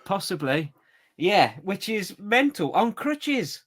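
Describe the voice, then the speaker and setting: Man, higher voice, bright tone, animated pitch, casual podcast chat. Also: takes it slowly. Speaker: podcast co-host.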